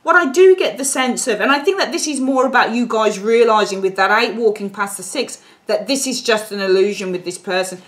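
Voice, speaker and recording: A woman giving a casual tarot reading, blunt and animated, and she swears freely. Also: on the high side, fairly quick, few pauses. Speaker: tarot reader.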